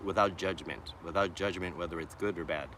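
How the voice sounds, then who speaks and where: A livestreaming vlogger from Boston with a faint accent speaks in a low, steady, sharp voice over a little hiss or hum. Sitting in the shade of a wooded city park, he muses unhurriedly while answering viewer comments, often trailing off and restarting.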